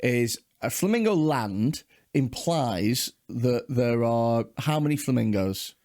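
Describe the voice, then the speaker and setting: A man's voice: medium pitch, lively intonation, slow pace, a little mellow, no echo. Crude, jokey man with a dry close sound. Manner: jokey, slips into silly put-on voices and laughs. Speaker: stand-up comedian and podcast co-host. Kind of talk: crude banter and comic bits.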